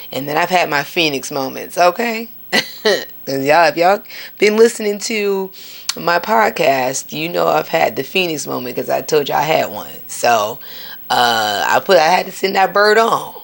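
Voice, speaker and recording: Podcast host, woman: deep gravelly voice, casual and profane, with bursts of high-pitched exclamation. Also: animated, moderate pace. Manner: candid and profane, with sudden high-pitched outbursts. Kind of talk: casual spiritual monologue.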